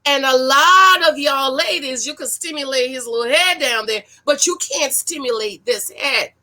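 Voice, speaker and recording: A woman giving a frank, animated casual commentary on a reality show, mixing recap with pointed advice to women. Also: high-pitched, normal speed.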